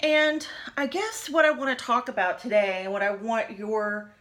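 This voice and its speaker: Woman in her forties, bright and chatty, rambling beauty vlog talk at her mirror. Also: fairly high pitch, normal speed. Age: 40s. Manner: chatty, rambling, many fillers and restarts. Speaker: beauty vlogger. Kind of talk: casual rambling chat while doing makeup. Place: home, at a lit makeup mirror.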